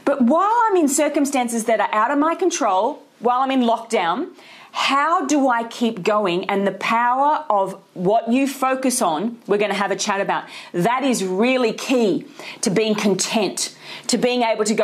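A middle-aged woman, preaching a lively, conversational sermon full of rhetorical questions. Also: on the high side, moderate pace. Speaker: pastor.

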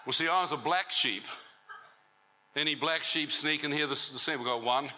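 Very bright-voiced New man preaching. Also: fairly high pitch, normal speed, poor audio. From New Zealand. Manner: animated storytelling with crowd banter. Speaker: speaker giving a testimony. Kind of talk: testimony talk to a church audience.

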